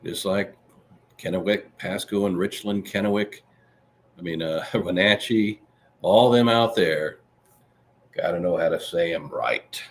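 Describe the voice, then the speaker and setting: A man's voice: deep voice, unhurried, long pauses. A man hosting a casual live podcast, joking around and reading viewer comments aloud. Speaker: podcast host. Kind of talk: casual livestream chat.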